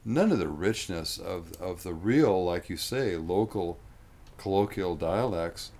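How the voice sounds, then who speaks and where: A man's voice: deep voice, animated, unhurried, darkish tone. A man in casual conversation, rambling in a folksy way and often saying "man".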